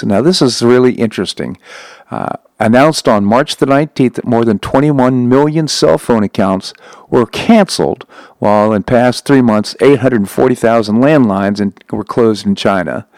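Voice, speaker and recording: A man's voice: mid-range voice, moderate pace, darkish tone, no echo, poor audio. A man hosting a talk show, reading news items aloud and breaking off for asides, with frequent slips and restarts. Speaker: radio talk show host.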